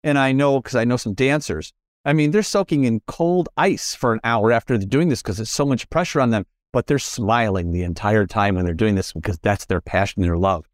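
A man hosting a casual interview, talking with enthusiasm and sudden leaps in pitch. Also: no echo, studio quality. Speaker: podcast host. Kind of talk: casual conversation.

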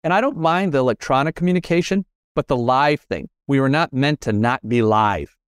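A man hosting a casual interview, talking with enthusiasm and sudden leaps in pitch. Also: lively intonation, fairly quick, clean tone, dry recording, clean studio sound. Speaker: podcast host. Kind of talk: casual conversation.

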